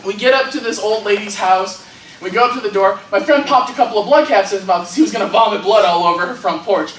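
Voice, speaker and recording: A man's voice: high-pitched, quick pace, fairly bright tone. A man performing a rambling stand-up story at an open mic, laughing as he talks. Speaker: stand-up comedian. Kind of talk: stand-up comedy set. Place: convention panel room with audience. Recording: echoey hall, distant mic, noisy.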